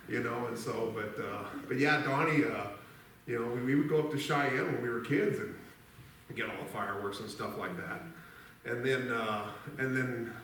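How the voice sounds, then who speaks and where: A man's voice: medium pitch, a bit bright, far from the mic, a little hiss or hum. A middle-aged man telling a rambling, folksy story at a memorial service, laughing as he goes. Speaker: eulogy speaker. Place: church hall. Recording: echoey church hall from afar.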